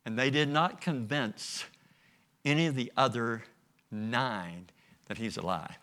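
A man preaching a sermon, telling the story with lively energy and bits of acted dialogue. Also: medium pitch, slow. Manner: animated storytelling with acted voices. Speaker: pastor.

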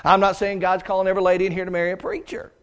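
A middle-aged man preaching a sermon in a church auditorium. His voice sits high for a man, and he swings from loud, ringing exclamations down to hushed, almost whispered asides. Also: little pitch movement, very fast.

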